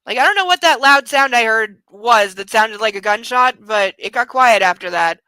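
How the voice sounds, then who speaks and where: A woman hosts a casual late-night livestream from home, cooing baby talk at her dog and swearing freely. Her voice is on the high side, animated, bright, forceful, clear and resonant at a moderate pace, with no echo but poor audio quality.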